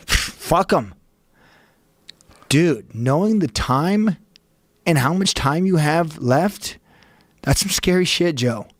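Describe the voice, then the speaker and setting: A man's voice: medium pitch, no echo. A man guest on a podcast telling a story intensely, swearing heavily and quoting his own inner voice. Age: adult father. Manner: intense, heavily profane, talks to himself in quoted self-talk. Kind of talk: animated storytelling. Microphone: studio podcast mic.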